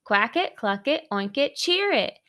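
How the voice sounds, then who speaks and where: A woman's voice: sits high, big pitch swings, unhurried, a bit bright, exaggerated voice. A woman voicing a cheerful toad leading a group cheer in a storybook, in a rousing way.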